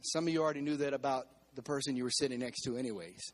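A man's voice: medium pitch, rapid-fire. Man preaching with rising fervor. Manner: preaching with call-and-response to the congregation; repeats and restarts phrases, rising in intensity. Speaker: pastor. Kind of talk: sermon. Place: church.

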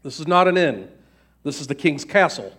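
A man's voice: a little high, expressive, moderate pace, fairly bright tone, breathy edge. A man voicing a blunt, dutiful castle manservant in a storybook reading.

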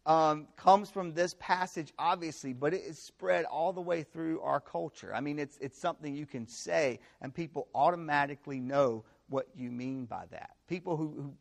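A young man preaching a conversational sermon to students, with animated storytelling and frequent rhetorical check-ins. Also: a little high, moderate pace, vocal fry, hardly any pauses. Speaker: campus pastor.

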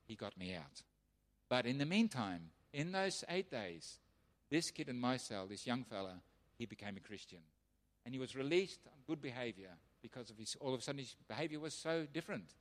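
A man preaching as a missionary pastor, telling his testimony as an animated storyteller who acts out the voices of others. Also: mid-range voice. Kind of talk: sermon testimony. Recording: long hall reverb.

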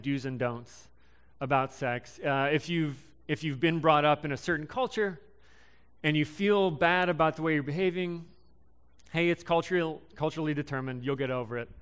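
A young man in his twenties giving a casual sermon, halting and full of ums and restarts. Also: a little high, fairly bright tone, clear, resonant tone. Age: young adult. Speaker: preacher.

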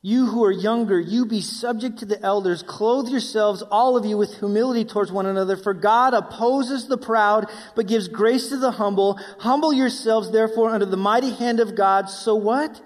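A man's voice: high-pitched, moderate pace, hardly any pauses. A man preaching a sermon as pastor, voicing his listeners' questions and closing in prayer. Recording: long reverb of a hall.

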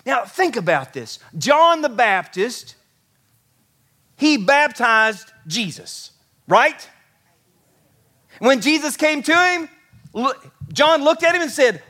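A pastor preaching a sermon to his church, animated, acting out the voices of biblical figures and dropping soft and slow for emphasis. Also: very high-pitched. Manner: animated, acts out biblical characters' lines.

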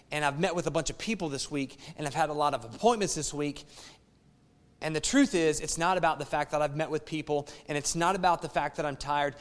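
High-voiced preaching man in a reverberant church. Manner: repetitive, emphatic preaching with rhetorical questions. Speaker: pastor. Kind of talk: sermon.

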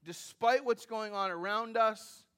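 A man's voice: high-pitched, a little slow, pushed and bright. A man preaching a sermon in a conversational way, with asides and self-deprecating humor, often repeating phrases and restarting as he builds his points. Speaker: pastor.

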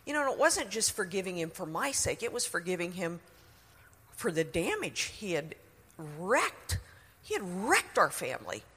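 A woman's voice: fairly low pitch, sing-song, moderate pace, a bit bright, husky, in a large hall. A middle-aged woman sharing a personal testimony in an earnest, emotional way.

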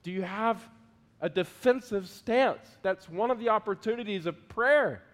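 A man preaching a sermon as pastor, earnest, moving between loud pleading prayers and quiet asides. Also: sits high, measured pace. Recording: long hall reverb.

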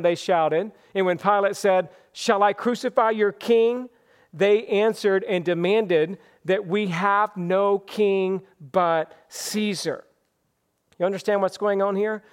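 A man with a higher-than-usual voice preaches a sermon. His tone is clear and resonant. He is earnest and deliberate, slowing down to lean on each point. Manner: earnest preaching, slows for scripture and emphasis. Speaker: pastor.

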